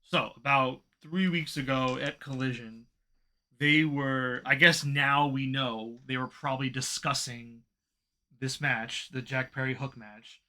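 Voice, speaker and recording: Bright-voiced man in casual podcast chat. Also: medium pitch, a little slow. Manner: animated, swearing, venting frustration. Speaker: podcast co-host.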